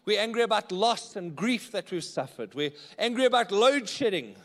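A man's voice: high voice, very animated, normal speed, long reverb tail, a little hiss or hum. A man preaching a sermon in church, conversational and often checking in with the congregation. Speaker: pastor.

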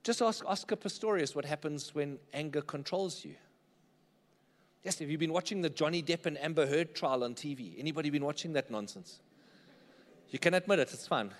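A man's voice: on the high side, brisk, long reverb tail. A man preaching a sermon in church, conversational and often checking in with the congregation. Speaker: pastor.

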